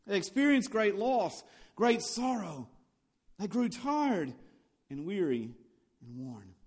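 A male pastor preaching a sermon, swinging between loud and hushed lines and building on repeated phrases. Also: high-pitched, big pitch swings, slow pace, breathy edge.

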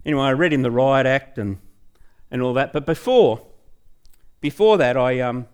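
A man's voice: medium pitch, moderate pace, clear, resonant tone. An Australian man telling a personal faith story to a church group in a chatty way, often breaking off with "anyway". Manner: animated, chatty, trails off with "anyway". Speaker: speaker at a church talk. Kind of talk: storytelling testimony.

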